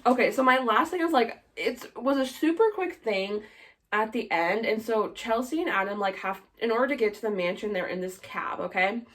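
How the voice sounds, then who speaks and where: A woman's voice: fairly high pitch, lively intonation, normal speed. A young woman co-hosting a podcast in casual chat, giving blunt opinions and saying "like" a lot. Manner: chatty, opinionated, heavy use of "like". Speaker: podcast co-host.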